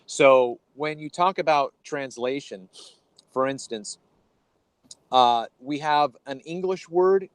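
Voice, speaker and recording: A man's voice: mid-range voice, takes it slowly, clear, resonant tone, no echo, low-quality recording. A man co-hosting a conversation, explaining Bible translation in a hesitant, teacherly way with frequent ums and restarts. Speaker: podcast co-host.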